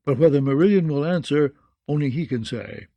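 A man voicing a smooth, courteous male lord with a mild, apologetic manner. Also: a little high, expressive, a little fast, no echo, lo-fi sound. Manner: soft-spoken, apologetic courtesy.

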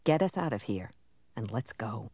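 A woman's voice: a bass voice, expressive, normal speed, mellow, dry recording, voice pushed down, exaggerated voice. A woman reading the part of a determined female smuggler in terse lines. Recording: noisy recording.

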